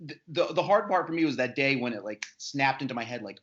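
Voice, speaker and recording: A man's voice: mid-range voice, animated, quick pace, fairly bright tone, lo-fi sound. A man who is a guest on a podcast, chatting with wry, self-deprecating humor. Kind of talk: casual chat.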